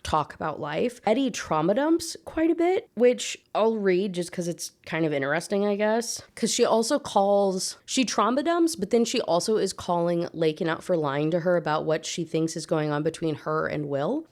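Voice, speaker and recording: A woman's voice: lowish voice, animated, moderate pace, few pauses, darkish tone. A woman and book reviewer giving a casual, chatty and sarcastic recap of a novel, full of filler words.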